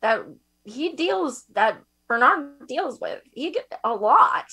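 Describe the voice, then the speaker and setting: A woman co-hosting a relaxed video-call chat, with a voice a touch higher than most. She speaks at an unhurried, slow pace and laughs often as she tells stories with feeling. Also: husky. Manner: laughs often, warm storytelling.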